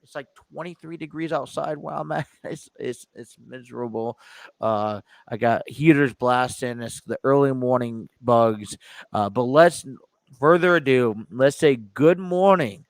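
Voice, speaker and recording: A man's voice: medium pitch, a little slow, creaky, no room sound. A man hosting his own sports talk podcast from a home studio, chatting casually with many fillers and restarts, a bit stuffy. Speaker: podcast host. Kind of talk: casual chat.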